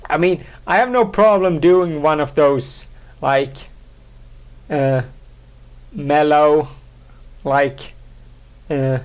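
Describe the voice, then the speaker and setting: A man hosting a solo podcast, talking in a rambling, halting way, full of fillers, restarts and self-mocking asides. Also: a little high, clean tone. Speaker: podcast host.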